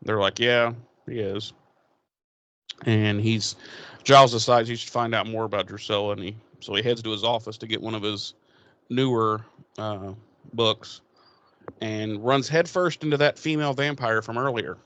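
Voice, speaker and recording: A man's voice: on the low side, steady tone, normal speed, a bit bright. A man co-hosting a podcast, recapping an episode in loose, profane, casual chat and paraphrasing the characters' lines as he goes. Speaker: podcast co-host.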